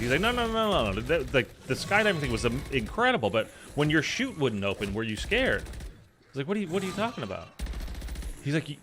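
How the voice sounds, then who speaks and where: Man, casual storytelling, rambling with lots of fillers, bright tone, faint ambience behind. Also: mid-range voice, slight background noise. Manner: rambling, many fillers, acts out quotes loudly. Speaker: streamer. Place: in Los Angeles.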